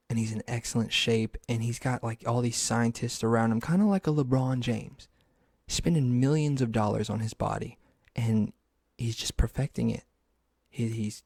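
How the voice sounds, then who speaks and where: A young man with a gravelly, creaky voice hosts a casual solo sports talk show, rambling through his picks with loose swearing and self-mockery. His voice is recorded close and dry, with no room sound behind it. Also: mid-range voice, darkish tone, no echo. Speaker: podcast host.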